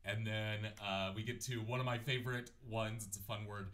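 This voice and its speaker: A man teaching a language lesson, repeating words slowly and clearly. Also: fairly low pitch, steady tone, a bit bright. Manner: clear, drawn-out repetition of words; sings numbers in a chant. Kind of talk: slow, patient language lesson.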